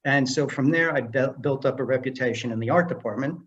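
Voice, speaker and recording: A man's voice: mid-range voice, fairly quick, highs cut off. An older man, a film director and screenwriter, telling stories as a guest in a casual interview and acting out the dialogue. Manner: animated storyteller who acts out dialogue.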